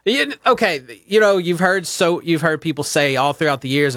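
A playful man co-hosting a sports talk show, teasing his partner with quick jabs. His voice is a touch higher than most men's. The sound is dry and close-miked. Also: expressive, a bit bright, no echo. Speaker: co-host. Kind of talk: casual sports chat.

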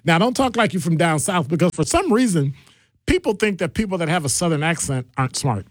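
Animated male radio talk host. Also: on the high side, fairly quick, no echo, studio quality. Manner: animated, jumps between topics, playful asides.

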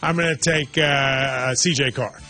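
Opinionated husky-voiced male co-host. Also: medium pitch, fairly even intonation, a little slow, pushed and bright. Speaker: sports talk co-host. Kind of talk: radio sports chat.

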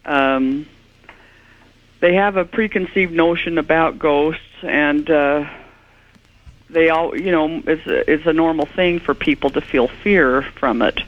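A woman's voice: low voice, measured pace. A woman investigating hauntings, a guest on a radio show, earnestly explaining her evidence. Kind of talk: radio interview. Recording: tinny phone line.

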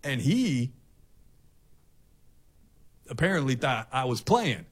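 Animated middle-aged male storyteller. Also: medium pitch, slow pace. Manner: animated storyteller, acts out confrontations. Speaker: radio host. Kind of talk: storytelling on a talk show.

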